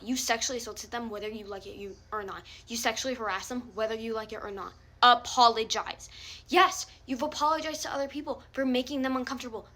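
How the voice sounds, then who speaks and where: Ranting straight into the camera, a young woman vlogger calls someone out, heated and swearing frequently. Her voice is high-pitched with a sharp edge.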